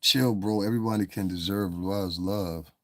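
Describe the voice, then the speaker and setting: Brief: male livestream host from New York, lowish voice, dry close sound, combative and foul-mouthed, rambles while answering chat. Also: fairly even intonation, moderate pace, a bit bright, no room sound. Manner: confrontational, profane, rambling, talks back to chat. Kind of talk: casual live-stream rant.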